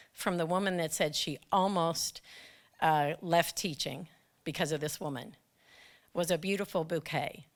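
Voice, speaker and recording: A woman, a teacher, telling a personal story to an audience with dramatic pauses. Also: fairly low pitch, a bit bright, clean tone.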